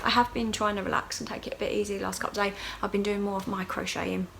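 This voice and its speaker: A woman's voice: mid-range voice, little pitch movement, rapid-fire, vocal fry, background noise. A woman chatting casually to the camera in a video diary while gardening outdoors. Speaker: vlogger.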